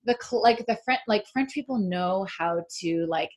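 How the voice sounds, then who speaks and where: A woman's voice: medium pitch, expressive, normal speed. A woman author chatting as a podcast guest, rambling with many "like"s and restarting her sentences. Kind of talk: casual podcast chat.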